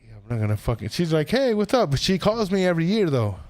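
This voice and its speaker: A man's voice: fairly high pitch, fast talker, no room sound. Profane rambling male storyteller. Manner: profane, rambling, animated quoting. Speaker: podcast guest. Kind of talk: casual storytelling.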